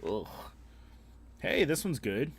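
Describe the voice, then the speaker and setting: A man's voice: medium pitch, big pitch swings, takes it slowly, slight background noise. A young man live-streaming a game, chatting casually with viewers in a crude, joking, rambling way. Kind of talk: casual gaming stream chat.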